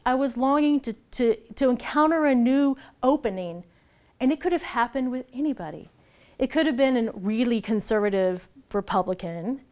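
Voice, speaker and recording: A woman giving a personal storytelling talk, animated and laughing easily as she acts out the voices she quotes. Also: a little high. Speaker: speaker at a storytelling event.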